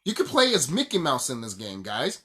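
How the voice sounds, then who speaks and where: A young man on a casual video rant, swearing as he goes and laughing in bursts. His pitch swings widely from low grumbles to excited highs. He keeps repeating himself to hammer the point home. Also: normal speed, breathy edge. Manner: heated, profane, laughs often, repeats himself. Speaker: YouTuber ranting about games.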